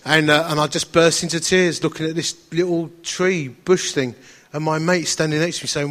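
A man's voice: on the high side, moderate pace, fairly bright tone. A middle-aged man with a slight lisp on some words, preaching a sermon in an enthusiastic, chatty storytelling way.

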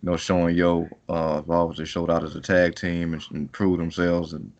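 A man's voice: low voice, level tone, normal speed, a little mellow, dull audio. A man co-hosting a casual wrestling chat, rambling loosely and laughing as he talks. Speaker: podcast co-host.

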